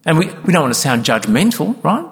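Speaking a little fast with big pitch swings, a man with a slightly high voice preaches a sermon as pastor in a church. He's earnest and emphatic and at times acts out quoted congregation members, all echoing in a hall with long reverb.

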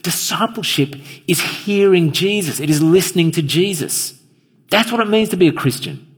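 A man delivers an evening sermon, his husky voice rising and falling with plenty of movement. He earnestly puts questions straight to the congregation, and his words ring out with the long reverb of a large church hall. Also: high voice, lively intonation, moderate pace. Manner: earnest, asks the listeners questions directly. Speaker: preacher.

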